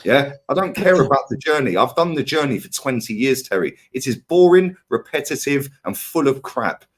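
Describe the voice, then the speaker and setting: A man's voice: mid-range voice, moderate pace. A man ranting in a heated football fan debate, firing rhetorical questions at his co-host. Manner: ranting, animated, rhetorical "yeah?" and "right?".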